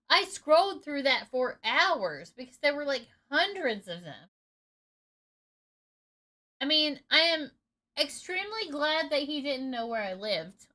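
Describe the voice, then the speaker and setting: Blunt, bright-voiced woman telling a story. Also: a little high. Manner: candid and blunt, swears freely. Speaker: gaming streamer. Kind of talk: casual storytelling.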